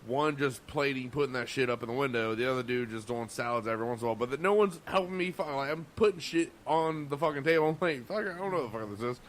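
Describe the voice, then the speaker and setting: A man's voice: mid-range voice, fast, few pauses, fairly bright tone, slight background noise. A man co-hosting a casual podcast, telling rowdy restaurant stories with lots of swearing, restarts and laughter. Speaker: podcast co-host. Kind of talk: casual chat, swearing storytelling.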